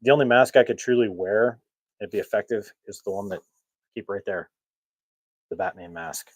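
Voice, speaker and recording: In a low voice and at a moderate pace, a man hosts a laid-back podcast of casual chat, rambling through loose stories, chuckling often and poking fun at himself. The rough recording is close and dry, with no echo or room sound.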